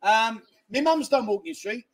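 In a very high voice with lively intonation and a moderate pace, a sleep-deprived middle-aged livestream host reads out viewer comments. He's cheeky throughout, joking around and laughing in a casual stream.

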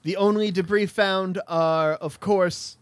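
High-voiced man, joking game player, dry close mic. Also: fairly even intonation, slow, no room sound. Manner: joking, self-deprecating. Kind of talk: casual comedic banter.

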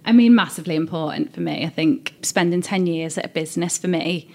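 A woman's voice: low voice, fairly quick, creaky. A woman with a Scouse accent, talking casually as a guest in an interview and recalling her career with plenty of fillers. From Liverpool, England. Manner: chatty, warm-hearted storytelling with many fillers. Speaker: interview guest, agency director.

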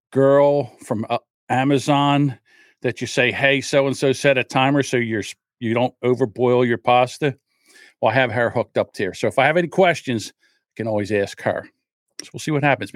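A man's voice: mid-range voice, dry recording, studio quality. Nervous, rambling older man hosting solo. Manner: rambling, self-deprecating, openly nervous. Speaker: podcast host. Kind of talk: solo livestream chat.

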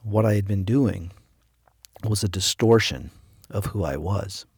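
Unhurried and slightly breathy, a middle-aged pastor speaks in a low, darkish voice, captured in studio quality with no echo. His devotional sermon is a personal story in which he quotes others in a raised voice of his own.

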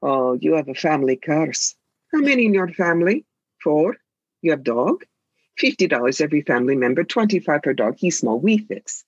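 A woman's voice: deep voice, big pitch swings, moderate pace, husky, dry recording, dull audio, heavily acted. A woman voicing a scheming fake fortune-teller who hustles customers, using an exaggerated broken-English put-on accent and wheedling sales talk. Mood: pushy. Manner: wheedling, pushy sales patter.

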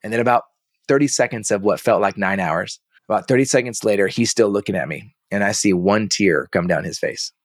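A man speaking as a podcast guest, telling personal stories in a lively, casual way and acting out the dialogue. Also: lowish voice, brisk, no echo, clean studio sound. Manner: animated, acts out quoted dialogue, casual slang. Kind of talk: candid personal storytelling.

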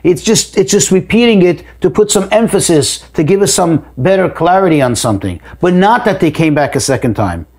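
A man's voice: high voice, lively intonation, fairly quick, few pauses, a little mellow, husky. A man teaching a text study lesson, reading each phrase aloud and then explaining it, with repeated words and emphatic rises. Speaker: Torah teacher.

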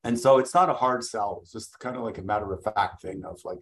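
Blunt, energetic middle-aged man. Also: lowish voice, fairly quick, rough recording. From Canada. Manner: energetic, blunt, salesman-like delivery. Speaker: guest, event speaker and coach. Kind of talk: casual interview talk.

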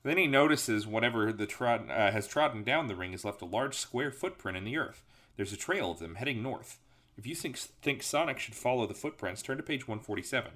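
A man's voice: mid-range voice, lively intonation, brisk, a bit bright. A man hosting and reading an interactive gamebook aloud as game master, casual and joking.

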